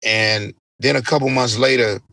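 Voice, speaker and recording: A man, a DJ guest on an interview podcast, telling a story in a casual, animated way with plenty of swearing. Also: mid-range voice, normal speed, dry recording. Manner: animated, profanity-laced storytelling.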